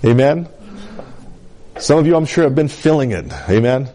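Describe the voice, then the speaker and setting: A man preaching a sermon as pastor, with an accent from the San Luis Valley of Colorado, often asking the congregation "Amen?" and swinging between emphatic highs and soft asides. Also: expressive, moderate pace.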